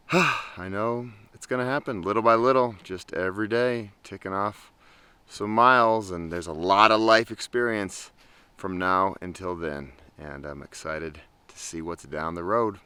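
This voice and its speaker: A young man vlogging from his tent, telling a story in a lively, casual way and laughing often. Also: sits low, measured pace, clear, resonant tone. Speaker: travel vlogger. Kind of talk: casual vlog monologue. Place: tent in the wilderness.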